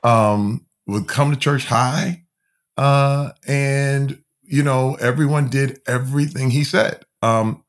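Earnest man telling his story, mid-pitched. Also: steady tone, slow. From Flint, Michigan, USA. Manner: earnest, emphatic, with many fillers and restarts. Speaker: podcast guest. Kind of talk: candid personal storytelling.

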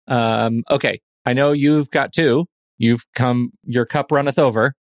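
A man's voice: mid-range voice, measured pace, no room sound, clean studio sound. A man co-hosting a film podcast, chatting casually in a playful, joking way. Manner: playful, jokey, animated. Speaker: podcast co-host. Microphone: studio microphone.

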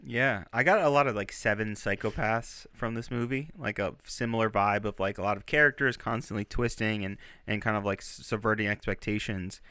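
Bright, animated man in casual chat. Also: lowish voice, fairly quick, few pauses, clear, resonant tone, no echo, studio quality. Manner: animated, exaggerated outbursts of mock outrage. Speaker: podcast co-host.

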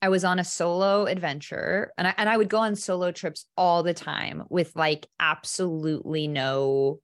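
Lower-voiced woman telling a personal story. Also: moderate pace. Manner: vivid, animated storytelling with lively quoted asides. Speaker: interview guest.

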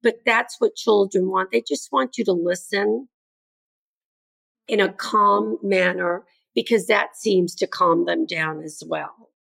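A woman's voice: mid-range voice, slow pace, vocal fry, fairly bright tone. An older woman, a grandmother and educator, speaking earnestly as an interview guest and acting out what kids and parents say. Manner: earnest, acts out quoted voices. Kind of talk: conversational interview.

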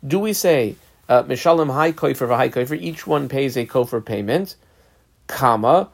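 A man's voice: mid-range voice, animated, normal speed, vocal fry, husky. Casual man teaching Talmud. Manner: reads the text aloud, then explains it in a casual, conversational way. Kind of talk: daf yomi Talmud lesson.

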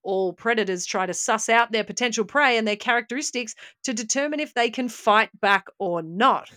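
A woman's voice: on the high side, moderate pace, pushed and bright, no echo, clean studio sound. An Australian woman co-hosting a comedy podcast, telling a legend in a mock-serious, tongue-in-cheek way. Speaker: podcast co-host. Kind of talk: comic podcast storytelling.

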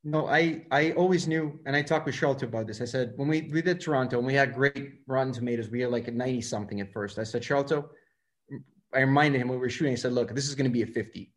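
A man talks quickly through his stories in a casual interview. He acts out the people he quotes as he goes. His pitch sits in the middle range for a man. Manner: fast, animated, acts out quoted dialogue. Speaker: film director, guest.

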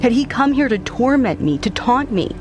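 A man narrating a dark first-person story in an intense, brooding, theatrical way. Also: extremely high pitch, sing-song, normal speed, music in the background.

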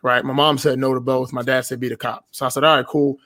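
A man's voice: medium pitch, level tone, fast talker, fairly bright tone, dry recording. A young man telling a story on a podcast in a casual, blunt and profane way. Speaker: podcast guest.

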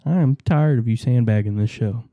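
A man co-hosting a podcast, recapping a sitcom with deadpan teasing humor and acted-out quotes. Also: medium pitch, moderate pace, no echo, muffled recording. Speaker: podcast co-host. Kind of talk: casual recap chat.

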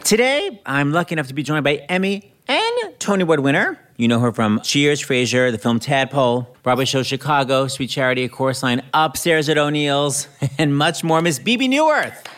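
A man hosting an interview podcast, chatty and animated, laughing often as he tells stories. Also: on the high side, moderate pace, few pauses. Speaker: podcast host. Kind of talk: casual interview chat.

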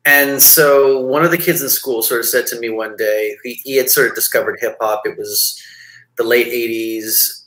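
Speaking as a guest in an interview, a Montreal label founder in his forties wanders through his answers with plenty of fillers and false starts. The recording is low quality and roomy, carrying his sharp, medium-pitched voice.

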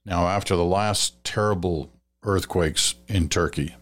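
A man with a very low voice hosts a radio feedback segment and works through listener letters. He talks in a measured, advising way, now and then pausing on fillers or restarting a phrase. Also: a bit bright. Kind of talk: conversational radio commentary.

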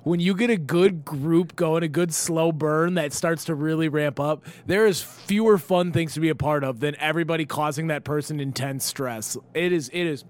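A man's voice: a little high, normal speed, few pauses. A man, a comedian, telling long profane stories in casual podcast chat, with plenty of fillers. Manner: rambling, profane storytelling with many fillers.

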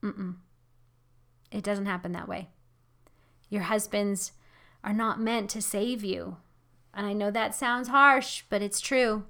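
A woman's voice: medium pitch, steady tone, slow, pauses often, sharp tone. A woman, likely in her thirties, giving an informal devotional teaching, earnest and exhorting in a conversational way with fillers. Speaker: Christian teacher.

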